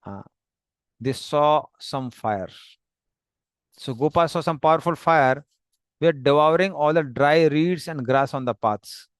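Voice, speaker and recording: Slow, dry-voiced male storyteller. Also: a little high, dry recording. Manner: slow, plain, explanatory with pauses. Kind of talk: storytelling narration with slides.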